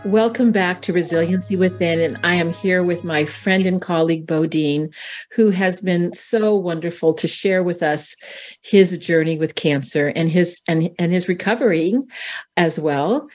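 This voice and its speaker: A woman's voice: fairly low pitch, a little slow, darkish tone, faint music behind. A woman hosting a radio talk show, recapping the story and prompting her guest in a conversational way. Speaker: host.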